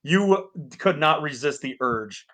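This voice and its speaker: A man co-hosting a casual podcast over a voice call, ranting and swearing heavily with animated mock voices. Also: a little high, takes it slowly. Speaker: podcast co-host. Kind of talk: casual chat. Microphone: Discord call.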